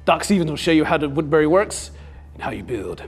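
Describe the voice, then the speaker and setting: A man's voice: on the high side, sing-song, fairly quick, husky, soft background music, exaggerated voice. A man voicing a stern male gatekeeper who speaks in curt commands. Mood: commanding.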